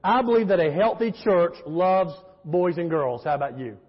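A man's voice: high voice, animated, moderate pace, husky. A man preaching a sermon as pastor, emphatic, with call-and-response and storytelling. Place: church sanctuary. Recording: echoey hall, muffled sound.

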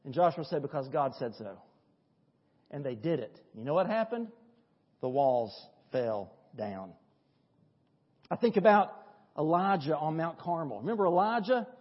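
A man's voice: fairly high pitch, moderate pace, slightly rough. Male pastor, storytelling sermon, dull lo-fi church recording with a long hall echo. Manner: lively storytelling, conversational, with rhetorical questions. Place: church sanctuary.

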